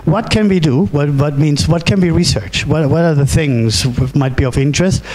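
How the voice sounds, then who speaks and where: A middle-aged man with a German accent delivers a keynote at a conference. His voice sits a little high for a man. He speaks haltingly, restarts often and keeps asking "right?". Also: a little mellow. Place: conference hall.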